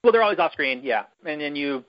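A man's voice: fairly high pitch, lively intonation, fast talker, dull audio. A man hosting a podcast, recapping a movie in a rambling, chatty and irreverent way. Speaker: podcast host. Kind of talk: casual chat, movie recap.

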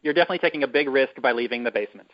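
Rambling man on a dull lo-fi mic. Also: mid-range voice. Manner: rambling, drawn-out storytelling with many fillers. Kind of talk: casual chat. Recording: dull lo-fi recording.

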